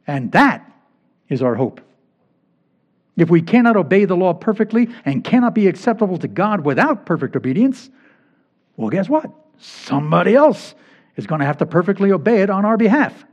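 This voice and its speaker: A man's voice: high-pitched, sing-song, normal speed, a little mellow. Emphatic man preaching a sermon. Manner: emphatic, repeating key phrases for stress. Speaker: pastor. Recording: dull lo-fi recording.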